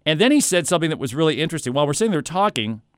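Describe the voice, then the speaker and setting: A man casually telling a story about a shopping trip, in an animated, conversational way with playful asides. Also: fairly high pitch, rapid-fire, dry recording, studio quality.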